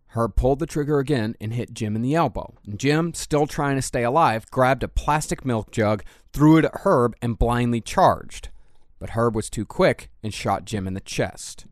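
A man's voice: medium pitch, no room sound, studio quality. A man hosting a true crime podcast, narrating the case bluntly with profane asides. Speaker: podcast host.

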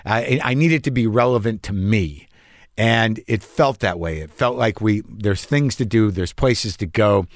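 A man's voice: on the low side, a little slow, no echo, studio quality. A man, a comedian and podcast host, telling a long story in a rambling, profane, self-questioning monologue.

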